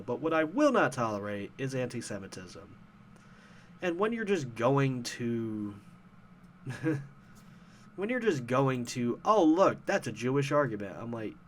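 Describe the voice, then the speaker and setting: A man's voice: medium pitch, a little hiss or hum. A man hosting a casual commentary show, ranting about online arguments in a profane, sarcastic, heated way. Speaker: host.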